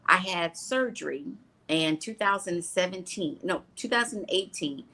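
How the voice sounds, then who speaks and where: A woman's voice: fairly low pitch, lively intonation, unhurried, sharp tone. A woman co-hosting a talk show, telling a personal story in an earnest, emotional way. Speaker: co-host. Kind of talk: casual talk show chat.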